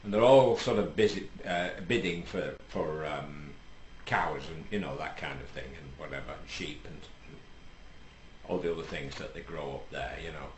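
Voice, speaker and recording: A deep-voiced British man spins a long comic joke, stalling on ums and restarting his phrases. His voice rings in an echoey room with a faint hiss underneath. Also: normal speed. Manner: rambling, many ums and restarts. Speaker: comic storyteller. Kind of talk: stand-up joke telling.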